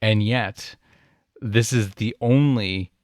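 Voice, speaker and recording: A man's voice: on the low side, slow, no echo, studio quality. A man co-hosting a casual sports podcast, making wry, teasing remarks and telling a joke. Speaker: podcast co-host. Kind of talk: casual chat.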